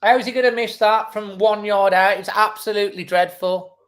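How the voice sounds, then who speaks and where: A man's voice: sits high, little pitch movement, moderate pace, fairly bright tone. Male fan host, live match reaction, exasperated running commentary. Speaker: football fan channel host.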